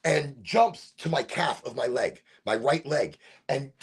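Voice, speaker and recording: A middle-aged man from Chicago telling a rambling story on a live stream, animated and swearing, with sudden shouts when he acts out voices. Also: medium pitch, unhurried. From Chicago, USA. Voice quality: gravelly and husky. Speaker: streamer hosting a smoke session.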